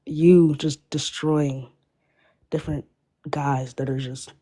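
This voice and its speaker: A woman's voice: deep voice, steady tone, takes it slowly, dark tone. An eighteen-year-old woman calling in to a live stream, speaking earnestly with lots of "like" fillers. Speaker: caller. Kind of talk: casual call-in chat.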